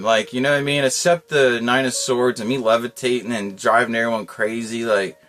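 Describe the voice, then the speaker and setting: A man in the middle pitch range talks through a casual tarot reading. His delivery is loose and wandering, full of slang and easy chuckles. Soft music plays quietly underneath. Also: expressive, normal speed. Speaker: tarot reader.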